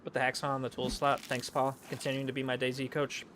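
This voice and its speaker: A man's voice: mid-range voice, completely flat delivery, a little fast, a bit bright, a little hiss or hum. A young man streaming a game, jokey, rambling and self-mocking.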